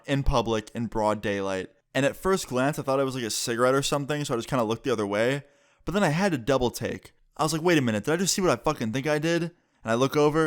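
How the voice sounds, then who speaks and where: A young man telling a story casually on his vlog, animated and profane, acting out the dialogue he quotes. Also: mid-range voice, smooth. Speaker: storytime vlogger.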